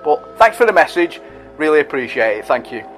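Chatty man, higher voice. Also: big pitch swings, brisk, fairly bright tone, faint music behind. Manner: chatty, rambling, self-deprecating. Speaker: podcast host reading listener messages. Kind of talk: casual monologue.

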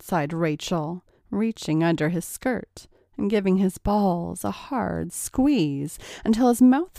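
A woman narrating an adult audio story in a steady, even storytelling manner. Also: lowish voice, dry recording, studio quality. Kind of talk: erotic audio story reading.

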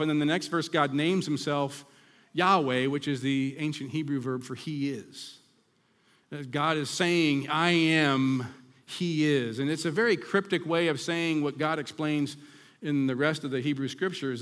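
A man preaching a sermon as pastor, reading scripture aloud with emphatic, dramatic slowdowns. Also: on the high side, fairly bright tone. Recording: long reverb of a hall.

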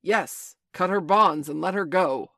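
A woman voicing a cocky boy who imitates a pirate captain, commanding and loud. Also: low-pitched, big pitch swings, slow, no echo, studio quality, heavily acted.

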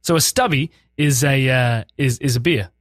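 A man's voice: mid-range voice, normal speed, a bit bright, no echo, clean studio sound. An Australian man, a band frontman, chatting casually as a guest and joking as he explains slang. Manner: laughing, jokey, self-mocking. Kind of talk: casual chat.

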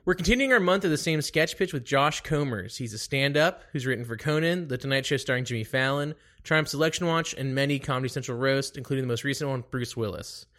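Deadpan hungover male podcast host. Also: mid-range voice, quick pace, few pauses. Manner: dry, deadpan ad read with self-mocking asides. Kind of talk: casual podcast talk and ad read.

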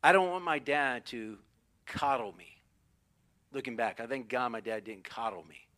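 A man's voice: medium pitch, normal speed. A middle-aged man, a pastor, preaching a sermon and telling family stories, acting out the voices of the people in them. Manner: animated storytelling, acts out quoted voices.

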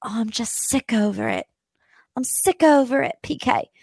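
A woman's voice: on the high side, moderate pace, creaky, darkish tone, husky, dry recording, voice pushed up. Woman mimicking a reality star with a mixed accent. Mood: mock-dramatic. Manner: exaggerated, theatrical mimicry.

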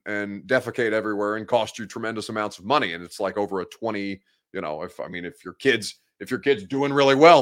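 A man in his late twenties hosting a sports talk show from his office, chatting casually and bluntly with viewers. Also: on the low side. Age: 20s. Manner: blunt, candid, rambling. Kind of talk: casual live show chat, reading viewer comments.

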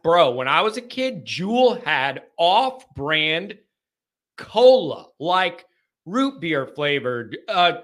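Talk show host, male, bright and punchy, jokey, slangy. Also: on the high side. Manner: animated, joking, slangy. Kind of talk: casual chat. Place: home basement.

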